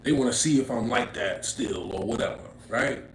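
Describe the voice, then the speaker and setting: A man from Inglewood, California, telling a street story to camera in slang, acting out quotes and rising to loud, emphatic bursts. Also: mid-range voice, moderate pace. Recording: roomy echo, faint background noise.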